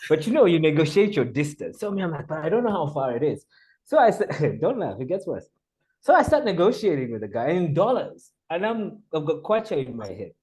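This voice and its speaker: Poor audio captures a fairly quick, high-sided voice from a man from Zambia in his forties. As a podcast guest in a relaxed storytelling interview, he performs the dialogue in his tales and breaks into laughter frequently.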